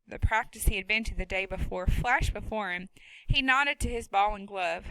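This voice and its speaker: A woman reading a novel aloud with a steady, expressive delivery and a bright, crisp tone. The recording is dead dry, close to a studio mic. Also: mid-range voice, normal speed, dry recording, rough recording. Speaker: audiobook narrator. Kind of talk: scripted narration.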